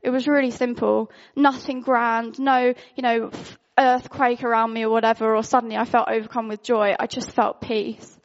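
A woman speaks in an informal, candid sermon, chatty and full of fillers. Her voice sits fairly high with a gravelly fry. The recording sounds dull and lo-fi. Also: flat delivery, moderate pace, few pauses. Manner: candid, conversational, frequent fillers. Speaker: worship speaker.

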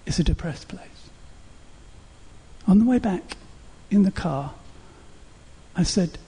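High, husky-voiced preacher man. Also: animated, slow, dark tone. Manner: repetitive rhetorical questions, earnest preaching. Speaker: pastor. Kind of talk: sermon.

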